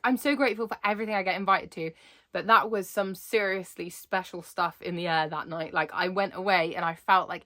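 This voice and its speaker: A woman's voice: mid-range voice, fairly bright tone. Chatty young woman vlogging, bubbly, rambles a lot and laughs. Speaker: Disney vlogger. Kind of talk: chatty vlog.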